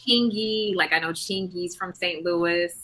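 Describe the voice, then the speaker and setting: A woman's voice: lowish voice, fairly even intonation, a little slow, pushed and bright, poor audio. A woman raised in England, casually chatting as host and leaning on lots of filler words. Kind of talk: casual group chat.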